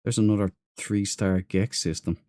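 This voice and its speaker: An Irish gaming streamer with a lowish, warm voice and fairly even intonation chats at a moderate pace, with no echo. He gives casual, rambling commentary while playing a space game, talking to his viewers' chat and his in-game crew.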